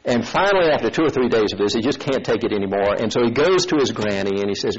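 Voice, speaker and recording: A man preaching a sermon, telling a story and acting out its voices in an animated way. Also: mid-range voice, quick pace, slightly rough, lo-fi sound.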